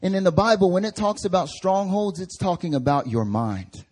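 A young man preaches a sermon with a husky, breathy edge to his voice. He pitches it a little high and keeps the tone casual and slangy, swinging between loud stretches and softer, lower passages. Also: normal speed. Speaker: pastor.

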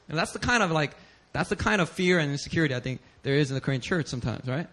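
A man preaching a sermon as pastor, telling stories animatedly with bursts of shouting and laughter. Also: fairly high pitch, expressive, rapid-fire.

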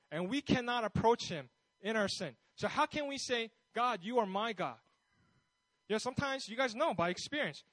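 Chatty, high-pitched male preacher. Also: animated, a little fast, fairly bright tone, no room sound, low-quality recording. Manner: conversational, with many restarts and asides. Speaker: pastor. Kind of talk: sermon.

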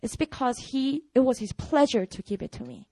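A young woman with a Korean accent shares her testimony with a church, animated and chatty, leaning on "you know" as she goes. Her voice sits high, and the recording is dry and close with no room sound. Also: fairly quick, no room sound, rough recording. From South Korea. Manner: animated storytelling, frequent "you know" fillers. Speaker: ministry worker giving a testimony.

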